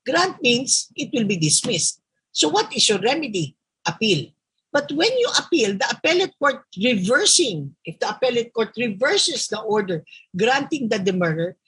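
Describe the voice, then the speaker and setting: A woman's voice: medium pitch, a bit bright, breathy edge, poor audio. A middle-aged woman with a Filipino accent giving a bar review lecture on evidence, repeating key points and checking in with "okay?" often. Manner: frequent "okay?" check-ins, code-switching, emphatic repetition. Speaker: law school dean lecturing bar reviewees.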